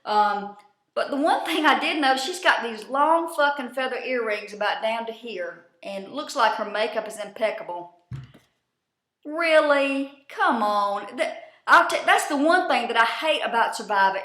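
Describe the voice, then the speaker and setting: A woman's voice: on the high side, animated, moderate pace, pushed and bright. A woman giving a casual, profane recap of a reality show, chatty and full of folksy slang like "y'all" and "ain't". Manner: chatty, swears freely, folksy Southern-ish slang. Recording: echoey room.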